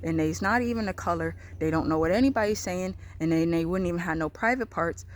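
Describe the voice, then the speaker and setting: A woman's voice: on the low side, fast. A woman vlogging in a rambling monologue, repeating herself and swearing as her thoughts wander. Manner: rambling, repetitive, profane, loose trains of thought.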